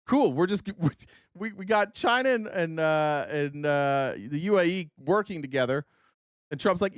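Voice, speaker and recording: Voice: medium pitch, lively intonation, unhurried, dry recording, studio quality. A political commentary host who reads news excerpts aloud and breaks into profane, sarcastic, heated rants.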